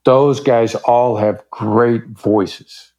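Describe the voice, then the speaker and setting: With a medium-pitched, slightly mellow voice, steady tone, and drawn-out words, a man discusses negotiation as a podcast guest. The interview is conversational, and he explains things confidently and emphatically, acting out short examples.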